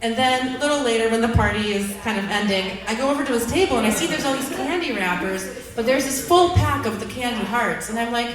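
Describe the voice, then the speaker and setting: A woman in her thirties doing stand-up at an open mic, chatty and self-mocking, full of fillers, breaking into loud outbursts when she acts out her own frustration. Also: fairly high pitch, fast talker, few pauses, slight background noise. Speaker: stand-up comic. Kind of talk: stand-up storytelling. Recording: echoey room, mic heard from far off.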